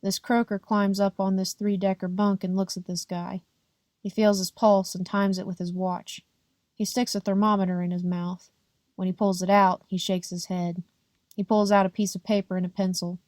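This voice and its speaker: A woman's voice: medium pitch, level tone, normal speed, a little mellow, no echo, clean studio sound. A woman reading a gritty audiobook. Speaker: audiobook reader. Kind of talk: first-person audiobook narration.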